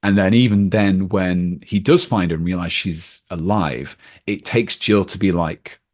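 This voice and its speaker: Very low-voiced man, rambling. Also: a little slow, a little mellow. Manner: rambling, many fillers and restarts. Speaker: podcast guest. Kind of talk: casual film discussion.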